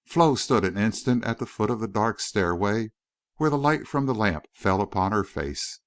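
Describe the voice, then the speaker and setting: Man reading a western audiobook, low voice, very animated, dry close sound. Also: normal speed, no echo. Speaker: audiobook narrator. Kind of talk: scripted narration.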